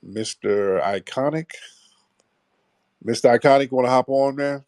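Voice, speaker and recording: A man's voice: medium pitch, unhurried, darkish tone, no echo, studio quality. A man hosting a live call-in show, talking bluntly in heavy slang and pushing back hard at callers. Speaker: host of a call-in audio show.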